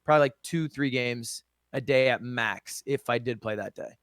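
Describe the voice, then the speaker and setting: A man's voice: medium pitch, normal speed, a bit bright, no echo, studio quality. A young man chatting casually as a streamer guest in an interview, rambling and swearing with self-mocking asides.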